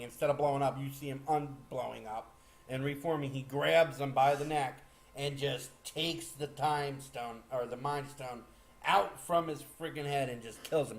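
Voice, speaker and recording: A man giving a casual, rambling movie spoiler recap, excitable, with lots of fillers and restarts. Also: mid-range voice. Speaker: movie reviewer.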